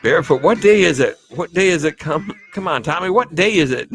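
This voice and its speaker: A slightly tipsy man hosts a casual live stream in a fairly high voice, rambling upbeat shout-outs to his viewers. Music plays faintly in the background. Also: lively intonation, brisk, gravelly. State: a bit tipsy. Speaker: livestream host.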